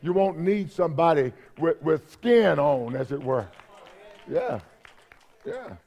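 A man's voice: on the high side, animated, slow pace, lo-fi sound. A man preaching a sermon in a conversational way, repeating himself and checking in with the congregation. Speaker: pastor.

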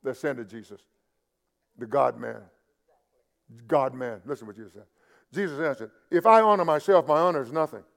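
A man pastor preaching a sermon, often restarting words and building to loud, emphatic peaks. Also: mid-range voice, moderate pace, vocal fry, long pauses.

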